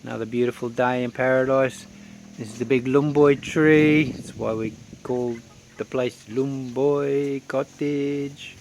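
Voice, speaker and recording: Slow, gravelly Australian man. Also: medium pitch, slight background noise. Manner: relaxed, rambling, with many ums. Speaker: vlogger. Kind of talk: casual outdoor vlog chat. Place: outdoors under a tree.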